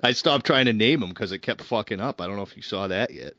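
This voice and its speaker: A man in a relaxed gaming chat, laughing easily and swearing casually. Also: on the low side, fast talker, no echo. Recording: dull, dry lo-fi sound.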